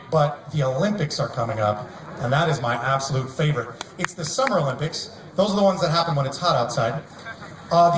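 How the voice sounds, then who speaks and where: Male stand-up comic, wry deadpan delivery, fairly high voice, far-off mic, loud outdoor crowd noise. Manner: deadpan, wry, laughs at his own jokes. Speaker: stand-up comedian. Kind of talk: live stand-up set. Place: outdoor convention stage. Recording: echoey, distant mic, noisy outdoor crowd. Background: outdoor crowd ambience.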